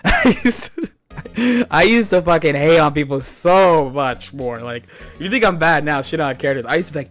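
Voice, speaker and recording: A slightly high-voiced man rambles through tournament stories, swearing freely and laughing often. Light music plays faintly underneath his streaming chatter. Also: moderate pace. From United States. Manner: animated storytelling with frequent laughs and swearing. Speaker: streamer reacting to a video. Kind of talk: casual profane chat.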